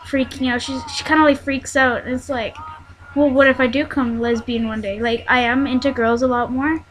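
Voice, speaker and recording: Halting, rambling young woman, slightly high. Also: steady tone, rough recording. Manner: rambling, halting, many fillers and restarts. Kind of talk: personal vlog storytelling. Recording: faint background noise.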